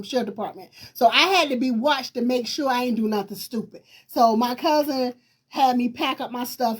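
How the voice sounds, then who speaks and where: A middle-aged woman from Virginia hosts a talk show and tells a personal story straight to her viewers. Her voice sits high, and her telling is lively and emphatic. Laughter often breaks into her words. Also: breathy edge.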